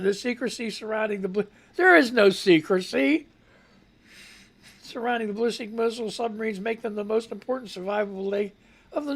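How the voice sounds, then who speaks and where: Male radio host with a gravelly, slightly rough voice; reads news copy, then rants sarcastically with profanity. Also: very high voice. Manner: sarcastic, profane ranting while reading news. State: voice not quite right. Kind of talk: live radio news commentary.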